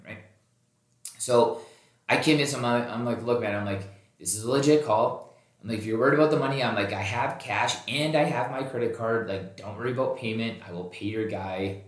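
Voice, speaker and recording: A man's voice: fairly low pitch, a little fast. A man hosting a podcast, telling a story in casual chat, acting out the dialogue and swearing freely. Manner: animated, acts out quoted dialogue, swears freely. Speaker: podcast host. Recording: roomy echoey recording.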